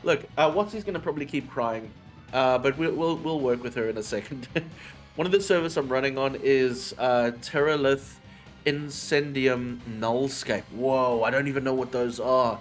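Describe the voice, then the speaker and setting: A man's voice: mid-range voice, normal speed, faint music behind. A man chatting casually with his chat audience on a livestream. He swears freely and drifts between topics.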